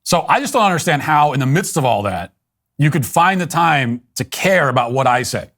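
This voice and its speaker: A man from the United States hosting a commentary show, speaking in a sardonic, mocking, deadpan way as he reads out a news article and responds to it. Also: on the high side, normal speed. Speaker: political commentator host. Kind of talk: scripted monologue with reading aloud.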